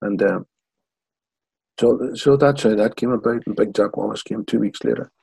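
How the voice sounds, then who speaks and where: A man in his sixties from Northern Ireland with a Northern Irish accent, telling lively stories as an interview guest. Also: fairly low pitch, moderate pace, creaky, slightly rough, dry recording, rough recording. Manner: lively yarn-spinner acting out quotes. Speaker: guest, former footballer. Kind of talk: anecdotal storytelling.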